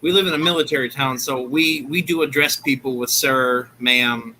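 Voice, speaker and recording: Bright-voiced outspoken man chatting. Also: medium pitch, fairly even intonation, a little hiss or hum, low-quality recording. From northern United States. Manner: blunt, outspoken, talks in quick restarts. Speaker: streamer host. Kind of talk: casual chat.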